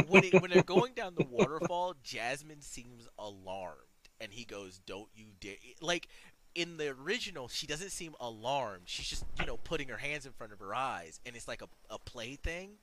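A man's voice: mid-range voice, animated, measured pace, a bit bright. Rambling man critiquing a movie. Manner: rambling, hesitant, incredulous. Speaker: podcast co-host. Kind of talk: casual movie review chat. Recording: audible background noise.

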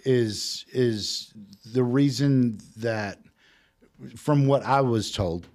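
A man's voice: medium pitch, very slow, darkish tone. A man with a mid-range voice tells a long, crude story to his friends. His delivery is loose and rambling, full of profanity and casual asides. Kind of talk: casual chat.

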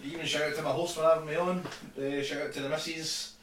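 A man's voice: fairly high pitch, little pitch movement, quick pace, a crowd in the background, poor audio. A young man in his twenties, a sailor on leave, guesting on a friend's podcast, talking in a laid-back, hesitant way with lots of fillers. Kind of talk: casual chat between friends.

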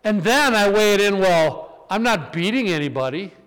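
A man preaching a sermon in an animated storytelling way, acting out voices in his stories, with a reverberant church hall around him. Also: sits high, moderate pace, clear, resonant tone.

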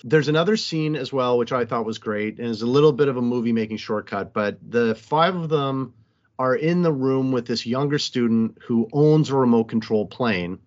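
A man's voice: medium pitch, normal speed, dull audio. Joking man recapping a movie. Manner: animated, joking, recaps the plot. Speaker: podcast co-host. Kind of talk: casual movie review chat.

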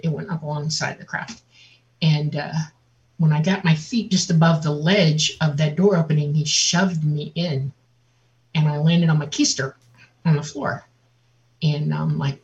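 A woman guest on an interview, telling a personal story in a lively way and acting out the voices of other people. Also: deep voice. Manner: vivid, laughs often, acts out quotes. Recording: dull lo-fi audio.

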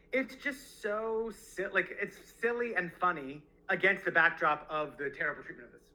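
A man's voice: high voice, moderate pace, few pauses, pushed and bright, low-quality recording. A man co-hosting a book discussion podcast, talking reflectively and reading quotes aloud. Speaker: podcast co-host.

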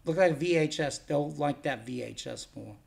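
Label owner guest, very gravelly man's voice, pitched a bit high, blunt and rambling. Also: normal speed. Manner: blunt, rambling, swears freely. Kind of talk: casual interview chat.

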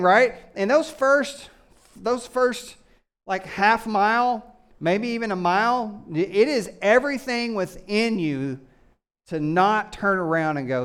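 A pastor giving a conversational sermon, full of rhetorical questions and calls for agreement. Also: male voice, sits high, measured pace, fairly bright tone, clean tone. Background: live congregation.

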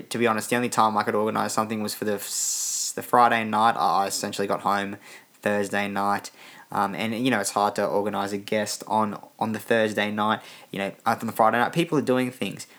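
Young man, solo podcast host, low-pitched, worn out, rambly off-the-cuff delivery. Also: fairly bright tone. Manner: rambling, many restarts and fillers. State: tired. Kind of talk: casual solo podcast monologue.

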